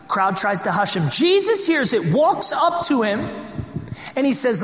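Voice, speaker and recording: A man's voice: high voice, sing-song, moderate pace, fairly bright tone. A man pastor delivering an impassioned, emphatic sermon full of rhetorical questions, in a church sanctuary. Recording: echoey hall with long reverb.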